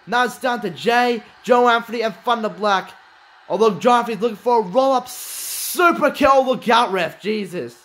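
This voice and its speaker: A man with a high voice and a light lilt calls a wrestling video game match blow by blow. He is excitable, exclaims often and swears freely. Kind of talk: excited play-by-play commentary.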